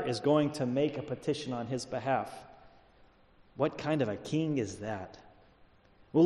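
A man preaching a sermon. He climbs to loud, emphatic peaks and then drops low and quiet. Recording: long reverberant hall.

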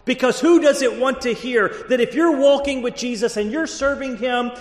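A man preaching a sermon as pastor of a church, measured and deliberate, drawing out key words. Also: very high voice, echoey room, in a large hall. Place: church sanctuary.

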